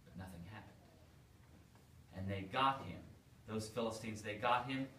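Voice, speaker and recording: Priest telling a story in an echoey hall. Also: male voice, on the low side, normal speed. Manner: animated, playful storyteller. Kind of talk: storytelling to children. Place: church hall. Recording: echoey room, far from mic, faint noise.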